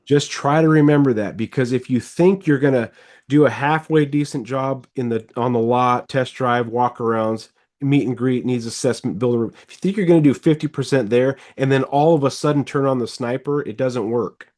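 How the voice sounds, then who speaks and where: A middle-aged man coaching a car salesman over a video call in a casual, animated way. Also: medium pitch. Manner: animated, rambling, quick bursts. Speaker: sales trainer, podcast host.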